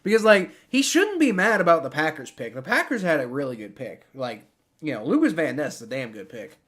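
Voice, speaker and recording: A young man on a live stream, talking with a lively, bouncing pitch that sits a bit high for a man. He rambles, restarts his sentences and swears freely as he reacts. It sounds like a desk mic at a home streaming setup. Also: a little fast. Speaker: streamer reacting to a sports draft.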